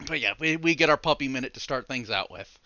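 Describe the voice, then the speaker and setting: A man hosting a casual livestream from his computer on a headset mic, chatty and easygoing with frequent soft laughs. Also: mid-range voice, animated, fast, no room sound, dull audio. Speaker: streamer. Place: home room at his computer. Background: faint background music.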